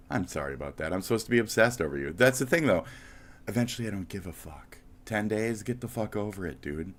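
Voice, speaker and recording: A man streaming live commentary as a heated, profane, mocking rant. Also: low voice. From United States.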